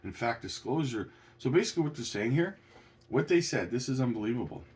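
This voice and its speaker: A man giving casual commentary on news and documents, indignant and halting, with many restarts, jumping up in pitch when incredulous. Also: animated, a little mellow. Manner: indignant, rising to incredulous peaks. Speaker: crypto commentator.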